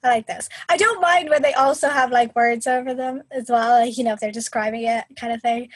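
A woman co-hosting a podcast in a casual chat, chatty and animated as she retells a story. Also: fairly high pitch, a little fast, slightly rough, dry recording, rough recording. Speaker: podcast co-host.

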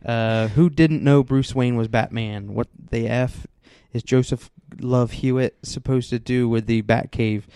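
A man's voice: medium pitch, fairly even intonation, measured pace, hardly any pauses, warm tone, clean tone, no room sound, clean studio sound. A man hosting a casual podcast, reading out a listener's list with wry laughs. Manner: wry, laughs often, reads a list aloud. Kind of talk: casual movie chat.

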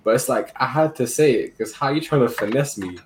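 A young man, telling a story in a casual podcast chat among friends, full of slang and lively retelling. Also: mid-range voice, brisk, a little hiss or hum. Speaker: podcast co-host.

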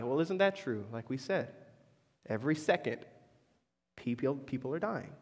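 Man, pastor, sermon, storytelling, high voice, reverberant hall. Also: animated, normal speed, fairly bright tone. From Florida, US. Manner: storytelling, keeps checking in with "right?".

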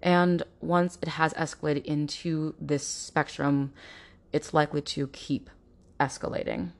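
A woman's voice: deep voice, steady tone, measured pace, vocal fry. A woman hosting an informative podcast, talking earnestly and directly to listeners, now and then mimicking other people in mocking voices. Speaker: podcast host.

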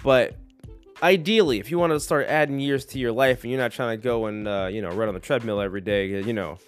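A man around thirty hosting a solo podcast, rambling in a jokey, animated way. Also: mid-range voice, fast, faint music behind. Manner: rambling, animated, jokey, slips into silly voices. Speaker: podcast host.

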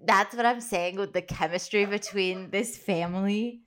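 A woman's voice: medium pitch, moderate pace. A young woman co-hosting a podcast, chatting casually about a film with lots of fillers. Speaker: podcast co-host.

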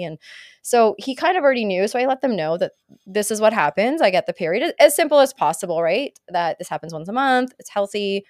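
A middle-aged woman, a podcast guest, telling a funny family story in a casual, animated way, laughing often and acting out other people's lines. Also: medium pitch, a little fast, no room sound, studio quality.

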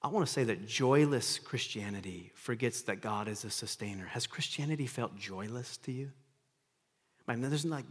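A man's voice: mid-range voice, moderate pace, breathy edge. Man preaching in a reverberant hall. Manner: earnest preaching, swings from loud emphasis to hushed intensity. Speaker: pastor. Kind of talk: sermon. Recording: long reverb of a large hall.

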